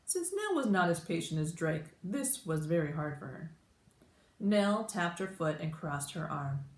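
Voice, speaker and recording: A woman teacher reading a children's storybook aloud with animated, expressive narration. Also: sits low, measured pace. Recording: roomy echo.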